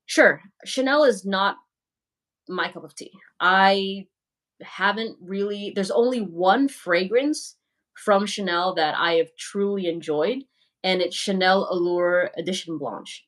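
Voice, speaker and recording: A woman's voice: mid-range voice, takes it slowly. A young woman hosting a livestream, talking casually and frankly as she answers viewers' comments, with plenty of "like" and "you know". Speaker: livestream host.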